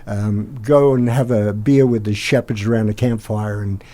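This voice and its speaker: An older Australian man, a podcast guest, rambling through an animated anecdote and acting out the quotes. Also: lowish voice, moderate pace. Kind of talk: anecdotal storytelling.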